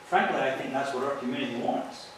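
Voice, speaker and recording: A man's voice: medium pitch, fast talker, background noise. A man who is a police officer giving a training talk to an audience, earnest and explanatory, walking listeners through stories from his calls. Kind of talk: presentation to an audience. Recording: echoey hall, mic from far off.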